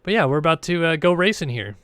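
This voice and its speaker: A man's voice: a little high, lively intonation, fast, a bit bright, no echo. A man casually commentating a racing game stream in a rambling, laid-back, chatty way.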